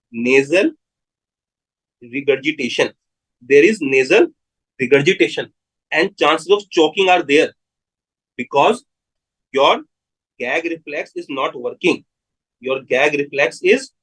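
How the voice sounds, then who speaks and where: A man lectures a live online class, his voice fairly high and slightly husky. He repeats key terms slowly and keeps checking that his students follow. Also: fairly bright tone, low-quality recording. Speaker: medical lecturer.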